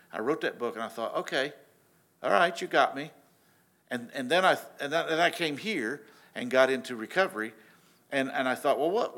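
A man preaching a sermon in a casual, animated storytelling way, often restarting his sentences. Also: fairly high pitch. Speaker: pastor.

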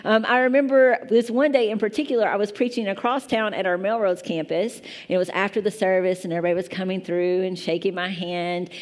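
A woman's voice: medium pitch, steady tone, a little fast, few pauses. A woman pastor in her thirties from Kentucky with a strong Kentucky accent, preaching a chatty, self-deprecating sermon. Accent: Eastern Kentucky.

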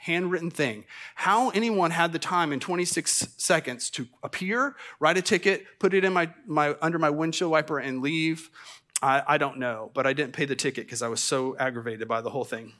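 A man's voice: fairly high pitch, normal speed, sharp tone. A middle-aged man preaching a sermon as pastor, conversational with self-deprecating asides and stammered restarts. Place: church sanctuary.

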